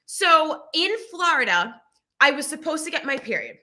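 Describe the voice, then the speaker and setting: A young woman with a high, bright voice chats casually on her own channel. She tells a personal story in an animated, storytelling way and reads out viewer comments as she goes. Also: normal speed. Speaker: channel host. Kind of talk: casual chat.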